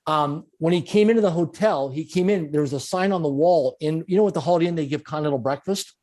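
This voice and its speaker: Middle-aged man, guest storyteller, brighter higher voice, animated, leans on repetition. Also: fast. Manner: animated, repeats phrases for emphasis. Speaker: guest speaker. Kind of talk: storytelling in a conversational interview.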